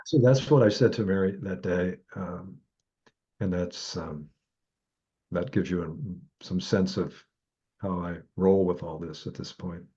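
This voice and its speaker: A man's voice: measured pace, breathy edge, muffled recording. A man telling a personal story as a guest author, acting out the voices in his dialogue. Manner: animated, acts out quoted dialogue with jumps in pitch. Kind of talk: reflective storytelling.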